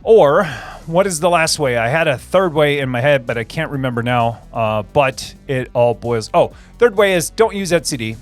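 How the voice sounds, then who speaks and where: A man's voice: medium pitch, lively intonation, moderate pace, soft background music. A man hosting a casual livestream, chatting with viewers and rambling through answers with many fillers and repeated phrases. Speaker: livestream host.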